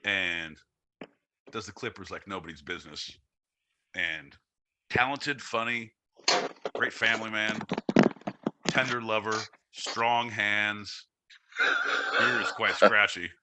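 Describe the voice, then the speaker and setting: Brash, bright-voiced podcast host man. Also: fairly low pitch, takes it slowly, long pauses, a little hiss or hum. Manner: loud, rambling, profane joking. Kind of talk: casual live-stream banter.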